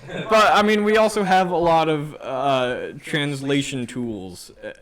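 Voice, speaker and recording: Brief: male podcast guest, mid pitch, halting delivery, crowd chatter behind. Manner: halting, many restarts and fillers. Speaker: podcast participant planning a Japan trip. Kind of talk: casual chat.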